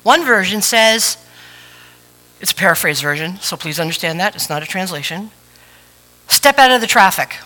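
A woman's voice: medium pitch, expressive, moderate pace, long pauses, pushed and bright, rough recording. A woman preacher giving a chatty, playful sermon with asides to the congregation. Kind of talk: conversational sermon.

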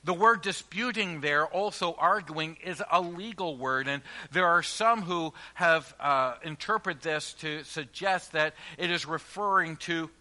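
A man delivers a sermon in a church, his voice sitting a little high and cutting through with a sharp, forceful edge. He preaches earnestly, leaning hard on key phrases, then lets the ends of his lines fall away. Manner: earnest, emphatic preaching with slowed stressed phrases and trailing quiet endings. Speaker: pastor.

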